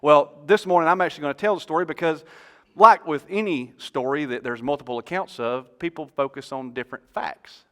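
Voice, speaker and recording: A man preaching a sermon as pastor. He tells the story in an animated way and jokes with the congregation on a church stage. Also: fairly high pitch, a little fast, few pauses.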